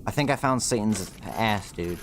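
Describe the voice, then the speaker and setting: A man's voice: lowish voice, lively intonation, moderate pace, a little hiss or hum. A young man streaming a game, chatting casually in slang and thinking aloud as he plays. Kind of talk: casual gameplay commentary.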